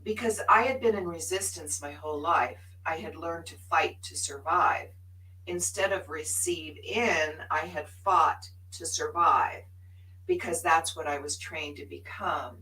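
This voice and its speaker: A woman speaks in a heartfelt, emphatic way, sharing her spiritual journey on a live show. Her voice is bright and forceful and sits a little low for a woman. She sounds somewhat distant from the microphone. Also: measured pace. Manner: earnest and emphatic, laughs often.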